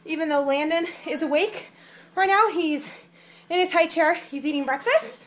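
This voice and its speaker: A woman's voice: high-pitched, normal speed, a little hiss or hum. A woman chatting in a casual home workout vlog, upbeat and out of breath after exercise. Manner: chatty and upbeat, talking to her toddler. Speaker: vlogger. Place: home, by a high chair.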